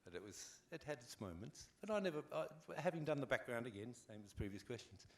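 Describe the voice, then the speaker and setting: On a convention panel, an older Australian-accented actor spins wry, relaxed anecdotes, acting them out with animation. He talks fast at medium pitch.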